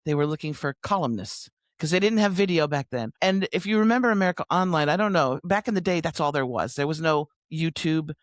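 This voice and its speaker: A woman in her sixties, a coach telling stories as an interview guest on a remote call, lively and laughing often. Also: deep voice, fairly quick, hardly any pauses, no echo, clean studio sound. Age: 60s. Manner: lively, animated storyteller with frequent laughs. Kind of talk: conversational interview storytelling. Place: home near Sydney, remote call.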